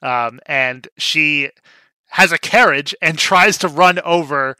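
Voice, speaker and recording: Bright-voiced young man recapping a movie. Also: a little high, slow, smooth, no echo. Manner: wry, sarcastic asides with frequent fillers. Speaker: podcast co-host. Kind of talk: casual movie recap chat.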